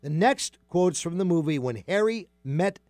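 A man's voice: on the high side, normal speed, dry recording, clean studio sound. A man hosting a radio talk show, chatting casually and often filling gaps with "uh" and "you know". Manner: relaxed, with many fillers.

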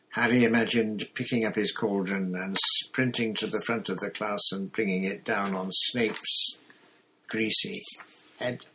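A man reading a novel aloud in a steady narrating manner, with occasional slips and restarts. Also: lowish voice, slightly rough, low-quality recording. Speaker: audiobook reader. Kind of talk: storybook narration.

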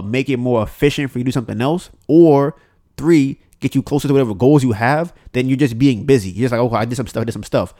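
This is a man talking on his own podcast, rambling loosely with plenty of fillers and restarts. His pitch sits in an everyday middle range. He swears freely and slips into quoted voices to act out phone calls. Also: warm tone. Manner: profane, uses many fillers and restarts. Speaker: podcast host. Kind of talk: solo podcast monologue.

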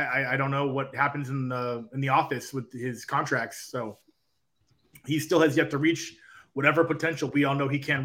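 Male podcast co-host, bright timbre, rambling analytical style, casual and unscripted. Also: mid-range voice.

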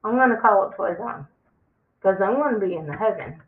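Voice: mid-range voice, animated, a little fast, slight background noise. A speaker giving an impassioned end-times warning monologue, emphatic and preachy, repeating words for stress. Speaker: religious vlogger. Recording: tinny phone-like sound in an echoey room.

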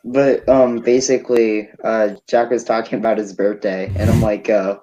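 A young man co-hosting a podcast, with a middle-pitched voice. He chats casually, rambling through his story with plenty of fillers and frequent laughter. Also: moderate pace, darkish tone, muffled recording. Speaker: podcast co-host. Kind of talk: casual chat.

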